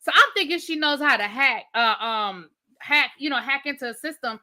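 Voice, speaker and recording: A woman hosts a casual live review of a TV episode. She is chatty and colloquial, and she slips into the scenes as she retells them. Her voice is bright and forward. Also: high voice, animated, normal speed. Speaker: show reviewer and host.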